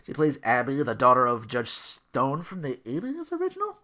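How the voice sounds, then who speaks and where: A man hosting his own podcast, talking alone in a loose, rambling style. His pitch is lively and bounces up and down a lot. He keeps tripping over his words and running himself down. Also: normal speed. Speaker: podcast host. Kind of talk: casual solo podcast monologue.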